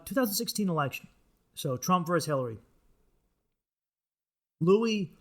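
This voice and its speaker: A man hosting his comedy podcast, ranting in a profane, animated monologue. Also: fairly high pitch.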